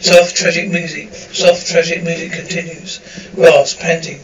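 A man's voice: on the high side, level tone, measured pace, few pauses, slight background noise. A man reading out a screenplay's stage directions in a plain, matter-of-fact way. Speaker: audio description narrator. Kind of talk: reading a script aloud. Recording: roomy, distant, muffled recording.

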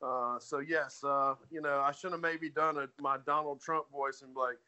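A man co-hosting a sports betting podcast, blunt and halting with many restarts. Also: a little high, steady tone, pushed and bright, smooth. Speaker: podcast co-host. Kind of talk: casual sports betting chat.

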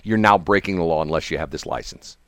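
A man's voice: rumbling low, quick pace, dry recording, studio quality. A man hosting a radio morning show, chatting casually and rambling, with frequent laughs. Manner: animated, rambling, laughs often. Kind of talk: casual on-air chat.

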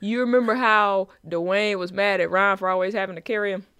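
A man co-hosting a podcast in casual chat, joking in slang and slipping into quick quoted voices. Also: high voice, fairly even intonation, sharp tone, smooth, dry recording. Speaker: podcast co-host. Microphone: remote call.

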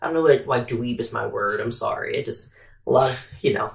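A man talking in a casual discussion, animated and acting out the voices of people he quotes. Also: mid-range voice, a little fast, creaky. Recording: echoey room.

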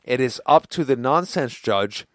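A man's voice: mid-range voice, expressive, a little slow, dry recording, clean studio sound. A tipsy man co-hosting a podcast, reading game rules aloud and joking around with friends. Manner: reads game rules aloud, laughing, slurred banter. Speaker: podcast co-host, game judge. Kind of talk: drunk casual chat.

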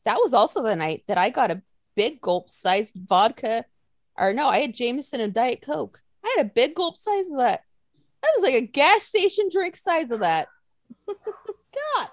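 A woman's voice: fairly high pitch, normal speed, no room sound, studio quality. A woman co-hosting a casual chat, telling stories with lots of swearing and acted-out quotes. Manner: animated storytelling, swears a lot, acts out quotes.

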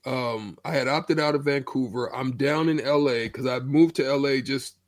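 A middle-aged man, a former basketball player, telling a story in a loose, animated way with slang. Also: medium pitch, moderate pace, dry recording. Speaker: former pro basketball player, show regular. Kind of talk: casual storytelling chat.

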